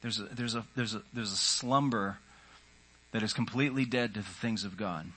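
A man's voice: on the low side, normal speed, sharp tone. A man preaching a sermon in an earnest, conversational way, often voicing the inner thoughts of his listeners. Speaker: pastor.

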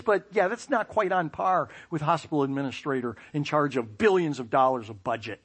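A man telling a personal story with self-mocking humor, lively sound effects and playful asides. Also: a little high, fairly quick, hardly any pauses, slightly rough. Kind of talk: personal anecdote.

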